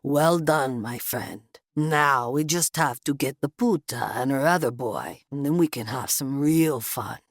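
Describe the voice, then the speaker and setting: A woman voicing a menacing middle-aged male gang boss in an audiobook, with a gravelly Puerto Rican accent and a slow growl. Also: rumbling low, no room sound, studio quality, full character voice. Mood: gloating. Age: 40s.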